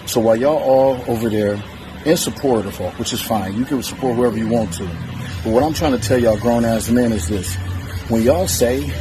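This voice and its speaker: A man's voice: medium pitch, moderate pace, background noise. A man delivering a profane, boastful, defiant trash-talk rant straight to the camera. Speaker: challenger in a strength feud. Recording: music playing under the voice.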